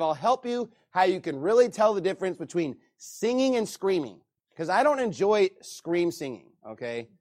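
A man preaching a sermon as pastor, animated, often reading scripture aloud to the congregation. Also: high-pitched.

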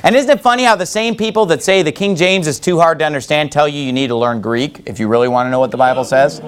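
A man preaching a sermon to his congregation, sarcastic and mocking, with quick asides. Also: fairly high pitch. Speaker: pastor. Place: church building with congregation.

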